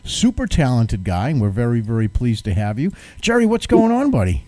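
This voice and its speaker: A man's voice: mid-range voice, big pitch swings, a little fast, dark tone, no room sound. A man hosting a live talk show, chatting casually, joking and laughing often. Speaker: radio talk show host.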